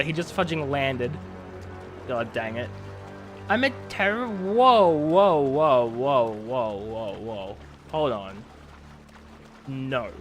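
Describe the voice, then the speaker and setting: A man's voice: fairly high pitch, pushed and bright. A man streaming a video game, giving sarcastic, rambling live commentary.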